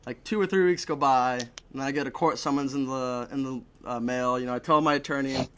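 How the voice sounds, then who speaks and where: A man's voice: medium pitch, fairly quick, fairly bright tone, clean tone. A young man telling a story in a casual chat, swearing a lot and laughing between lines. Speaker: podcast guest.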